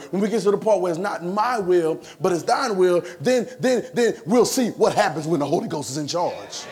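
A man preaching a sermon to a congregation, fervent and colloquial, repeating phrases and swinging between shouts and hushed asides. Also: high voice, expressive, normal speed, hardly any pauses. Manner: repetitive, colloquial, talks to the congregation.

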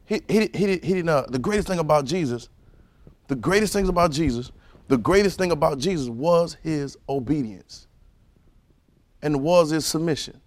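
A man preaching a sermon, moving from low musing to loud fervent preaching and calling out to the congregation. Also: lively intonation, normal speed, no room sound. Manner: calls out to the congregation.

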